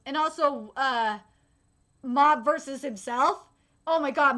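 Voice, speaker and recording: A young woman hosting a casual anime and manga update vlog, gushing and excitable, swearing freely, full of fillers and restarts. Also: high voice. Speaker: channel host.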